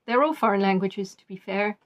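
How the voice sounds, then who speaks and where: A woman's voice: mid-range voice, brisk. A woman hosting a live-stream quiz in a chatty, giggly way, reading out viewers' answers and teasing them. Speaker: quiz host.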